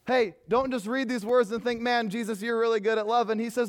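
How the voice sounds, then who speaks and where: A man preaching a sermon, emphatic, moving from loud exhortation to hushed storytelling. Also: very high voice, steady tone, brisk, few pauses.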